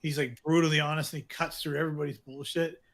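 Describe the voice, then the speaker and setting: Rambling chatty man, slightly high voice. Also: flat delivery, fast, creaky, a bit bright. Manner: rambling with many "like" fillers, laughs often. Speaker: podcast co-host. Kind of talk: casual chat recommending shows.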